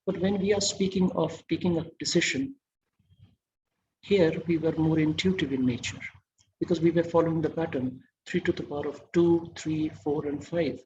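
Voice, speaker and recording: A man's voice: fairly high pitch, fairly even intonation, normal speed, darkish tone, lo-fi sound, a little hiss or hum. A man giving an online masterclass lecture, quizzing his audience and praising their answers.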